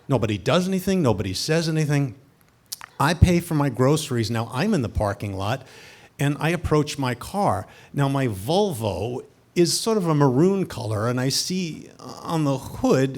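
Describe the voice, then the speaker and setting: Male storyteller, animated comic delivery, voice sits a bit high, shifts from hush to loud. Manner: animated, swings from hushed to loud.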